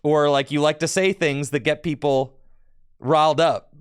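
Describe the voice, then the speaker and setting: Male streamer, smooth clear voice, dry close sound, laid-back banter with chat. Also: a little high, steady tone, unhurried, no echo. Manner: chatty, talks back to viewers in chat. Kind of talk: casual live-stream chat while playing a card game.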